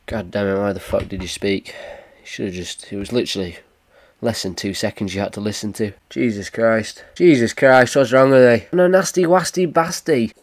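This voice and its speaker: A man's voice: lowish voice, fairly even intonation, moderate pace. A man hosting a reaction video, mocking and sweary, rating clips with sarcastic, self-deprecating commentary.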